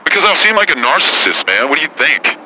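A rude, touchy female talk-show celebrity with a crisp, bright edge to the voice, as a man impersonates her, cursing and snapping at anyone who questions her. Faint noise sits behind it. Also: a little high, big pitch swings, fast, exaggerated voice, rough recording. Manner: crude, defensive, swearing. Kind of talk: improvised comedy impression.

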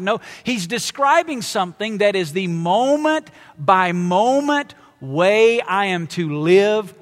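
A man delivers a sermon in a church auditorium, leaning hard on the words that matter most. His voice sits high and his pace is unhurried. Long hall reverb trails each phrase. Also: bright, forceful tone. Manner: emphatic, slow preaching with drawn-out key words. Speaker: pastor.

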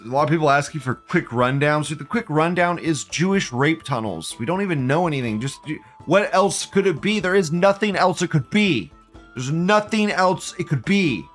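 A man's voice: fairly high pitch, a bit bright. A man hosting a live commentary show, rambling and swearing, often breaking into laughter and repeating phrases. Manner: profane, rambling, frequent laughter. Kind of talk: casual livestream commentary.

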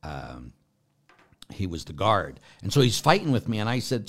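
A middle-aged priest with a fairly low voice talks through a point of faith like a chat rather than a formal sermon. He wanders off on tangents and keeps checking in with his listeners through quick rhetorical questions. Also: very animated, fairly bright tone. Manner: rambling, goes off on tangents, asks listeners rhetorical asides. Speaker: Catholic priest. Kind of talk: conversational teaching on faith.

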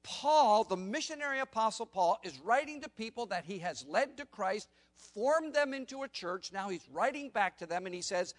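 High-voiced male pastor preaching emphatically. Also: lively intonation, normal speed, few pauses. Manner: emphatic, asks the congregation rhetorical questions. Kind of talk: sermon. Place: church sanctuary during a morning service.

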